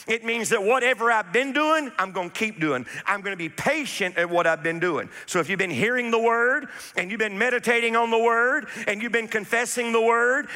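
A male pastor delivers a sermon in a high, bright, ringing voice. He preaches emphatically, repeating key phrases and calling for responses from the congregation. The sound carries a long reverb, as in a church hall.

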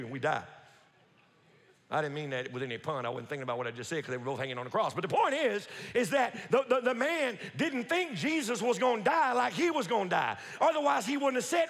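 A male preacher with a high, swooping voice, stressing and repeating his points as he drives the sermon. He keeps calling the congregation to say lines back to him. The sound carries a long reverb from a large church hall. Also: expressive, fairly bright tone. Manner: emphatic, repetitive, leads the congregation in call-and-response; quick rhetorical questions and restarts. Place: church sanctuary.

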